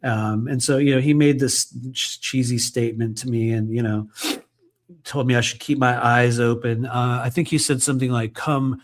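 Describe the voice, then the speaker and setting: A man's voice: medium pitch, fairly even intonation, normal speed. A man reading aloud from his own book and breaking off into loose, conversational asides, swearing freely. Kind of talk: live book reading with casual commentary.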